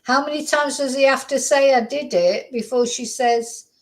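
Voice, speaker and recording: A woman hosting a true crime channel, talking casually and reacting in an animated, incredulous way, often repeating herself. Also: high voice, normal speed, low-quality recording. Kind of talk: reacting to played clips, casual commentary.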